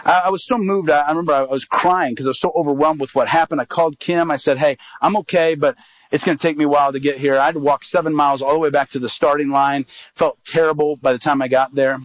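Animated evangelist telling a story, dry sound. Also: male voice, on the high side, fast talker, no room sound, poor audio. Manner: animated storyteller acting out quoted dialogue. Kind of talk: sermon storytelling.

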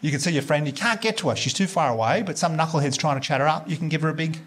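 A man's voice: a little high, very fast, fairly bright tone, slight background noise. A man with an Australian accent doing a stand-up comedy set in a club, telling chatty stories and teasing the crowd on a handheld mic. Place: comedy club stage with live audience.

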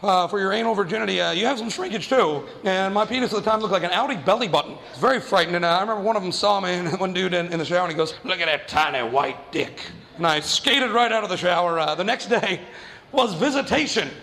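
High pitched guy doing standup, swears a lot, roasts himself, echoey big room. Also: fast talker, creaky, pushed and bright. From New Mexico. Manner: profane, self-mocking, acts out voices. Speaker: stand-up comedian. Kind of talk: stand-up storytelling.

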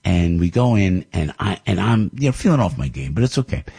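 Older male radio host, New Jersey accent, husky and a bit low, animated storyteller. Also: a little fast. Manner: rambling storytelling, animated, many restarts. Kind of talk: morning radio monologue.

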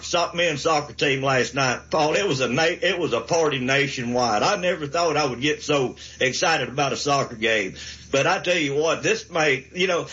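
Southern man in his sixties, sports radio caller, rambling and fired up, somewhat high voice, muffled phone line. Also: sharp tone. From Alabama. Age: 60s. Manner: fired-up rambling pep talk.

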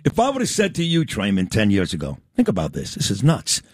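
A man's voice: on the low side, a little fast, slightly rough, no room sound, clean studio sound. A middle-aged man hosting an interview show, talking emphatically and telling stories with lots of energy. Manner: emphatic and animated, storytelling. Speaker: talk show host. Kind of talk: conversational interview.

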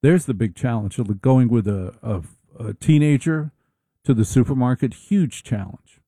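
A middle-aged man hosting a casual, humorous monologue, with a wry, deliberate, drawn-out delivery. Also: mid-range voice, warm tone, husky, no echo.

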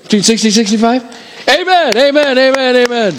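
A middle-aged man preaching a sermon as pastor, calling out to his congregation in an animated way. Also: very high voice, brisk, background noise. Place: church hall before a congregation.

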